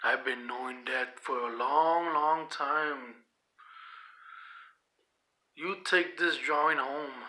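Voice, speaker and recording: A man's voice: medium pitch, steady tone, takes it slowly, pauses often, pushed and bright, low-quality recording. A man doing a menacing witch-like old woman. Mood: knowing. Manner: menacing threats. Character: mysterious magical old woman, witch-like, vengeful.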